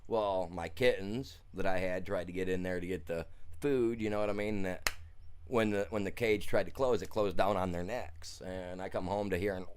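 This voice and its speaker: A man's voice: deep voice, steady tone, normal speed, a little mellow, a little hiss or hum. A man streaming a game, telling a heated story in a blunt, colloquial way, full of restarts and fillers. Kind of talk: casual chat while streaming a game.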